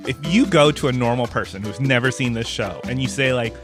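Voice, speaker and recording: A man's voice: mid-range voice, a little fast, over music. A man talking as a guest in a casual interview, chatty, full of filler words and laughing often. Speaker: pop culture writer and guest.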